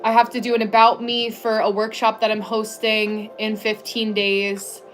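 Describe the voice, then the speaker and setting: A woman's voice: on the high side, little pitch movement, moderate pace, faint music behind. Chatty American woman greeting her stream chat. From United States. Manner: chatty, friendly, reads chat names aloud. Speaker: livestream host. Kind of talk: casual livestream chat greeting viewers.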